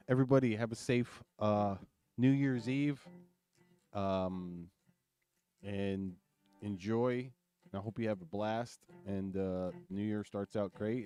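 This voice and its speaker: A man's voice: on the low side, a little slow, warm tone, clear, resonant tone, faint music behind. A man co-hosting a casual podcast in a small studio, rambling and laughing often. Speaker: podcast co-host. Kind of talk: casual chat.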